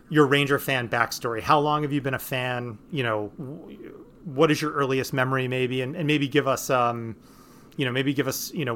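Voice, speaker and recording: A man's voice: mid-range voice, fairly bright tone. A man hosting a casual podcast, talking in a rambling way with many restarts and fillers. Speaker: podcast host.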